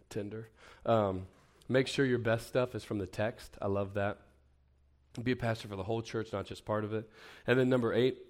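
A man's voice: mid-range voice, a little mellow. A man leading an informal teaching session for preachers at a camp, talking conversationally with self-deprecating asides and frequent restarts. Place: camp meeting room.

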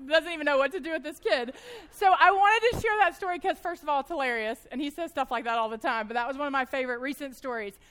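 Lady in her 30s leading a bible study, talks quick, high voice, lively stories. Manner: fast-talking, animated storyteller. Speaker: women's Bible study teacher. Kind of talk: church teaching talk with personal stories.

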